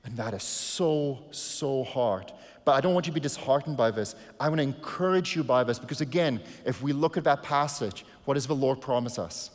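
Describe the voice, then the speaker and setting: A man's voice: mid-range voice, moderate pace. Earnest male pastor in a reverberant hall. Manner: earnest, shifts from hushed to emphatic. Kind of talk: sermon.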